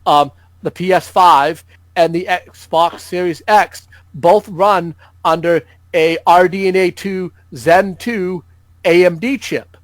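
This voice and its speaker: High-voiced man explaining game hardware. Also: steady tone, slow pace, dry recording, poor audio. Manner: explanatory, jokey. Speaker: podcast guest. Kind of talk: casual gaming podcast chat.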